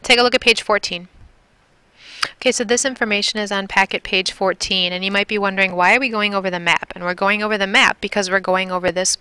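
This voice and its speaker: A woman's voice: medium pitch, fairly even intonation, quick pace, sharp tone, clear, resonant tone, no echo. A woman from Milwaukee, Wisconsin, teaching a Spanish lesson, patiently repeating and drilling words. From Milwaukee, Wisconsin, USA. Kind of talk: recorded classroom lesson.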